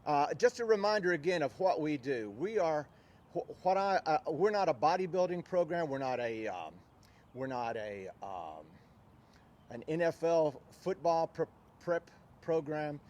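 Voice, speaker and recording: A man leading a live outdoor workout class, counting reps loudly in a drill-style voice and chatting between sets, on a visor mic with a windscreen on a windy day. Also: a little high, animated, measured pace. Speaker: fitness instructor. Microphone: visor-mounted mic with fuzzy windscreen.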